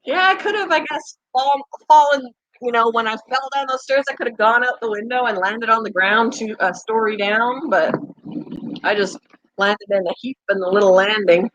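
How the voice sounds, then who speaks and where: A woman's voice: on the high side, normal speed, a bit bright, no room sound, rough recording. A middle-aged woman hosting her own channel, chatting casually with viewers, self-mocking and laughing often. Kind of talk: casual chat.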